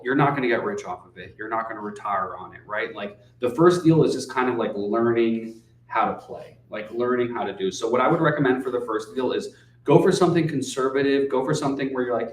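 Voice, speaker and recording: Male guest speaker, mid-pitched, chatty and loose, with a habit of asking "right?", recorded off-mic in a reverberant room. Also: a little fast. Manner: swears casually. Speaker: guest speaker, real estate investor. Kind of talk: casual talk at a meetup. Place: meetup room. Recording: echoey room, distant mic.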